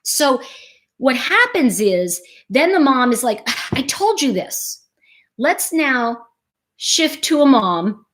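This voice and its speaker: A woman hosting a casual explanatory monologue, talking animatedly and explaining things through acted-out everyday scenarios. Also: on the high side. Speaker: host.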